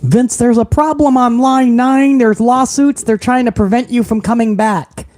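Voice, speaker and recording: A man's voice: extremely high pitch, fairly even intonation, moderate pace, a little mellow, dry recording, pitched above the performer's own voice. A man voicing an anxious male staffer who urgently warns his boss.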